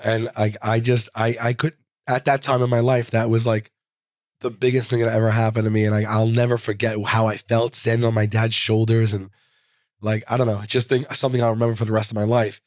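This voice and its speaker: A man in his forties, a comedian guest in an interview, telling stories in an animated, rambling way full of fillers and restarts. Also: medium pitch, fairly quick, no room sound, studio quality. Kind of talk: casual interview storytelling. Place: studio.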